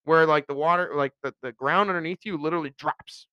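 A man with a bright, fairly high voice chats casually, rambling and joking as he gives advice. His pitch swings widely, and the sound is dry with no room echo. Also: steady tone, fast, smooth, highs cut off.

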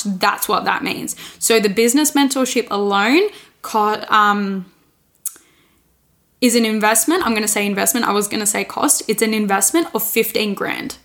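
A woman's voice: mid-range voice, moderate pace, fairly bright tone. A woman in her twenties, a podcast host and coach, talking candidly in a casual solo monologue and restarting her sentences often. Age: 20s. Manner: earnest, candid, restarts often and says "like" a lot.

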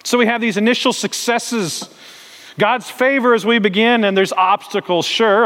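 A man's voice: high voice, fairly quick, a bit bright. A middle-aged man, a pastor, telling a story in a sermon and acting out the voices of the people in it. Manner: acts out the voices of the people in his stories. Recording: long reverb in a large hall.

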